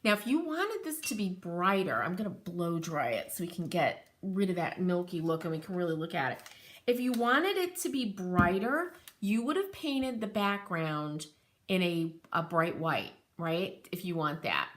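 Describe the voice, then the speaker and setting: A woman's voice: lowish voice, animated, normal speed. A middle-aged American woman hosting a live crafting stream, talking in a chatty, rambling way and reading out viewer comments. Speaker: craft channel host.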